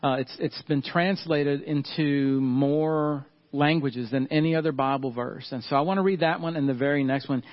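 A middle-aged man, preaching a sermon earnestly and slowing down and softening on key points. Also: on the high side, lo-fi sound. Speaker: pastor.

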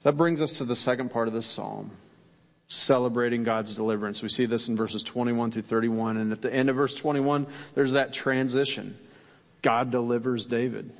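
A man preaches a sermon in a gravelly, mid-pitched voice, earnest and emphatic as he puts rhetorical questions to his listeners. His words ring out with the long reverb of a large church sanctuary. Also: steady tone, normal speed. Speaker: pastor.

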